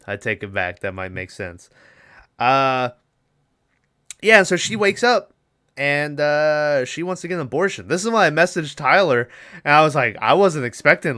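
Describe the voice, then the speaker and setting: This young man's mid-range voice is clear and resonant with a sharp edge. As a podcast co-host, he recaps a movie casually, rambling and swearing while acting out its lines.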